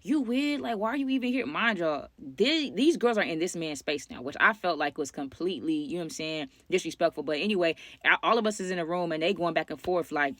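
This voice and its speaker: Young adult storyteller, casual and slangy, rapid delivery, addresses the audience, dry room. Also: mid-range voice, expressive, a bit bright, no room sound. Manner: slangy, talks straight to the audience. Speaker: storytime vlogger.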